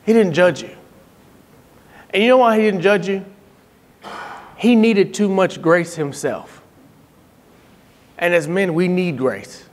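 A middle-aged man telling stories in a sermon style, animated, acting out quotes and laughing often. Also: sits high, long reverb tail. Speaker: speaker giving a tribute.

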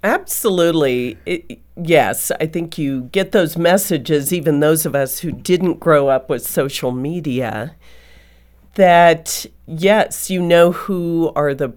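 A middle-aged woman co-hosting a radio interview in a very low voice. She speaks slowly and thoughtfully, affirming the guest and sharing her own memories. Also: a little mellow. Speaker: radio co-host.

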